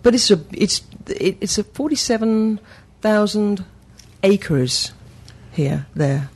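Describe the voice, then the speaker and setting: A woman's voice: mid-range voice, expressive, takes it slowly, darkish tone, slightly rough. A woman chatting as a guest on a podcast roundtable, running through details with lots of restarts. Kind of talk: casual roundtable chat.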